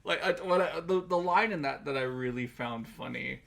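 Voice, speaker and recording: A man's voice: mid-range voice, normal speed, gravelly, a bit bright. A man co-hosting a podcast, chatting casually and rambling with frequent laughs while he acts out scenes. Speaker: podcast co-host. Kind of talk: casual chat recapping an anime.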